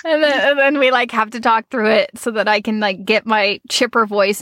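A woman's voice: on the high side, fairly even intonation, moderate pace, fairly bright tone, dry recording, clean studio sound. A woman co-hosting a podcast, chatting casually with many fillers and frequent laughs, and reading an ad in the same easy way. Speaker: podcast co-host. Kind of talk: casual podcast chat with ad read.

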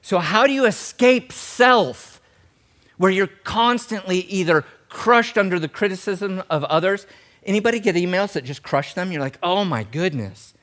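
A middle-aged male pastor preaching a sermon in an animated, humorous way, swinging between loud emphasis and soft tender passages. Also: high-pitched, normal speed.

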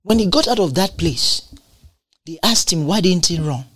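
A woman's voice: lowish voice, expressive, moderate pace, no echo. A woman preaching a sermon, emphatic and repetitive, asking rhetorical questions and laughing between points.

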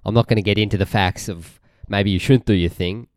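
Low-voiced young Australian man ranting. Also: fairly even intonation, a little fast, darkish tone, no echo, clean studio sound. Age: young adult. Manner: rambling, irritated, sweary, often trails off mid-sentence. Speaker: podcast host. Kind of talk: casual ranting monologue.

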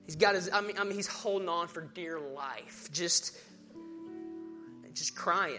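A man preaching a sermon, swinging between hushed storytelling and rousing declarations. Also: fairly high pitch, a little slow, long pauses, music in the background. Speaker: pastor.

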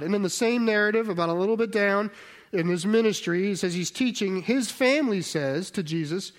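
A man's voice: high voice, a little fast. A man preaching a conversational sermon, often asking his listeners rhetorical questions and restarting his sentences. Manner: restarts and self-corrections mid-sentence.

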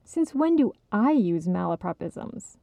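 A woman's voice: medium pitch, sing-song, unhurried, vocal fry, warm tone, no echo. Woman voicing a stubborn, snappy young woman. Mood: defensive. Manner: snappy, defensive, scoffing.

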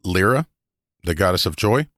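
A man with a deep voice co-hosts a casual gaming podcast, trading quick agreement and dry jokes. His voice is recorded dry and close. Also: animated, fairly bright tone, no room sound. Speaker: podcast co-host. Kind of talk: casual tabletop gaming chat.

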